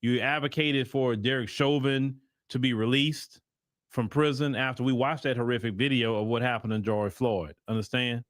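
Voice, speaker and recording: A man's voice: mid-range voice, steady tone, normal speed, dry recording, studio quality. A man hosting a livestream commentary, talking in a heated, rambling way full of repeated restarts. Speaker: host and commentator.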